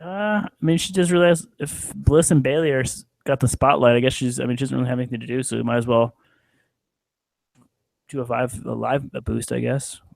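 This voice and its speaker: Man, rapid laid-back co-host with a gravelly edge. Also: mid-range voice, fairly even intonation, no echo. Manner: quick, laid-back banter, calls people man. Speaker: podcast co-host. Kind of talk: casual chat.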